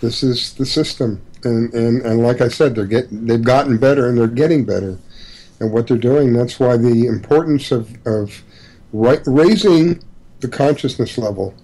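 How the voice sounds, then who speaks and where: Calm, earnest male radio guest. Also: medium pitch, normal speed, low-quality recording. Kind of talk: casual talk radio chat.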